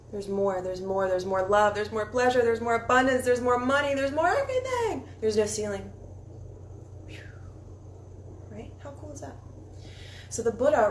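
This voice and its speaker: A woman giving a casual spiritual oracle card reading, candid and encouraging, sometimes dropping into soft meditation guidance. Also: medium pitch. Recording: echoey room with faint ambient noise.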